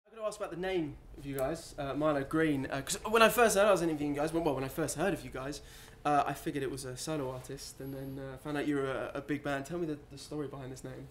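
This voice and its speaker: A British man interviewing a band, talking at a quick clip with a slightly raised voice. He is chatty and teasing and often restarts his sentences. Faint ambient noise sits behind him. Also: a little high, fairly even intonation. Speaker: music interviewer. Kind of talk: casual interview.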